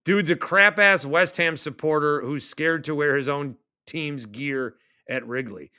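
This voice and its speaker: A middle-aged male radio host reading out online comments and firing back at them in a sarcastic, animated rant. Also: on the high side, measured pace, clear, resonant tone, dry recording, clean studio sound.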